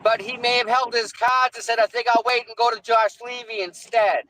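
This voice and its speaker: A man co-hosting a casual live stream, with short interjections and a slow drawl. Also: extremely high pitch, fairly even intonation, bright, forceful tone, low-quality recording. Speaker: co-host.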